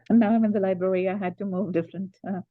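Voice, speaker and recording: A woman's voice: mid-range voice, fairly even intonation, a little fast, no echo, phone-quality sound. A woman moderating a session from a library, thanking the speaker and asking for questions. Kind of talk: casual hosting.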